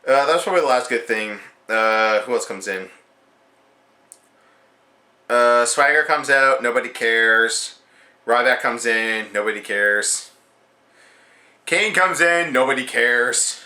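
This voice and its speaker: A young man from Canada, giving an excitable, profane, rambling review of a wrestling show. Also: medium pitch, slow pace, pauses often, echoey room. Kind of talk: casual video review.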